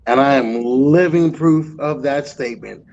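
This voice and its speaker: A man in his forties, a truck driver guest, telling road stories in a profane, animated casual way. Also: medium pitch, measured pace, muffled recording. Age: 40s. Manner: profane, animated storytelling with loud acted outbursts. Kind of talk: casual storytelling chat.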